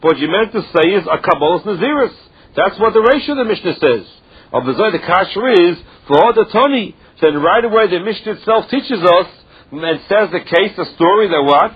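The speaker is a man teaching Talmud, reading in a study chant and explaining in English with Aramaic and Hebrew terms mixed in, keeping a chanting rhythm. His voice sits high and husky, with lively intonation and a brisk pace. The recording sounds dull and lo-fi.

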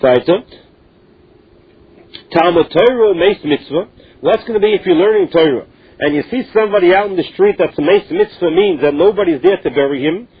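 A man's voice: sits high, brisk, slightly rough. A man teaching a Talmud lesson, reading each phrase and then explaining it in plain English. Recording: tinny phone-line recording.

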